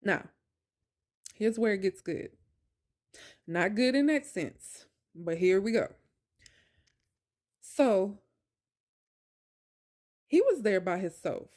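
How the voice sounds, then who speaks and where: A woman's voice: mid-range voice, big pitch swings, slow, long pauses, darkish tone. A young woman vlogger telling a personal story in a casual, emphatic, colloquial way, with exasperated asides.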